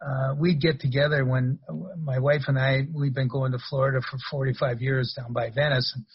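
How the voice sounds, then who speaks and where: Older male guest, very husky voice, rambling storyteller, dull lo-fi recording. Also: mid-range voice, little pitch movement, brisk. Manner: rambling, anecdotal, laughs through stories. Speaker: guest, former wrestler. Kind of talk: casual storytelling interview.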